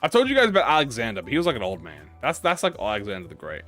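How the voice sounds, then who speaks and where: A man's voice: medium pitch, huge pitch swings, rapid-fire, fairly bright tone, soft background music. A young man, a gaming YouTuber, telling a rambling, profane anecdote in casual chat, with lots of restarts.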